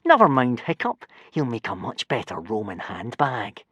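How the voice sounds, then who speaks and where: A man's voice: mid-range voice, huge pitch swings, normal speed, bright, forceful tone, breathy edge, no echo, heavily acted. Jeering teen bully, a man reading, dry close mic. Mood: mocking. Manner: sneering, mocking. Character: spiteful jeering Viking boy bully.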